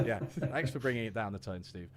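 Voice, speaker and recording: A man's voice: fairly low pitch, brisk, crowd noise. Rambling man. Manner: rambling, restarting, many fillers. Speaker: guest economist. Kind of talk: casual discussion.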